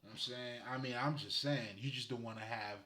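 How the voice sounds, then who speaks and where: A man's voice: mid-range voice, steady tone, quick pace, sharp tone. A man from Haiti giving casual spiritual guidance, rambling and laughing often as he talks. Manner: laid-back, rambling, frequent laughter. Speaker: spiritual guide. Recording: roomy echo.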